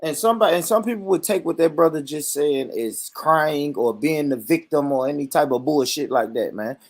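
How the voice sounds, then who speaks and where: Hosting a casual talk-show discussion, a man with an African American English accent speaks at normal speed in a voice on the high side. He's blunt and emphatic, with heavy profanity.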